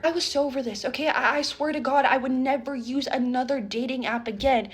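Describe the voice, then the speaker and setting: Breathy young woman telling a wild story. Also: high voice, a little fast. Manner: animated, dramatic retelling with repeated "okay?". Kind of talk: casual storytime vlog.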